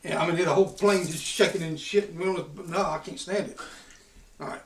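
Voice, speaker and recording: A man's voice: fairly high pitch, fairly even intonation, a little fast. A man, hosting a podcast and telling a rowdy, profane story in a casual drawl. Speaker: podcast host. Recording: roomy sound from a distant mic.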